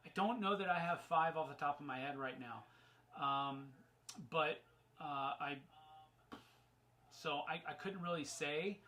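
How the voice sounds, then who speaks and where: A man's voice: a little high, unhurried, long pauses, pushed and bright, slight background noise, poor audio. A man hosting a casual live Q&A, rambling through viewer questions with lots of fillers and restarts, and getting emphatic on fun topics. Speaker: host answering viewer questions.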